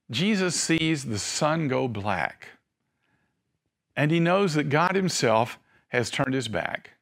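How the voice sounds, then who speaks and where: A middle-aged male preacher delivering a sermon, telling stories and slowing down and softening at emotional moments. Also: fairly high pitch. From Tennessee.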